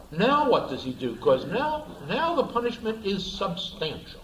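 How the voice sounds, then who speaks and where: A man lectures through a story in an animated, emphatic way, and his pitch swings freely and sits somewhat high. He repeats key words to drive them home. His voice echoes around a roomy lecture space, with a faint hiss behind it. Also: unhurried, few pauses. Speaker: speaker, lecturer.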